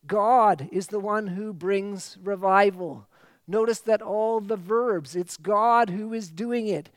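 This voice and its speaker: A man's voice: high-pitched, slow pace, dry recording. A man preaching a sermon as pastor, emphatic and full of repeated phrases.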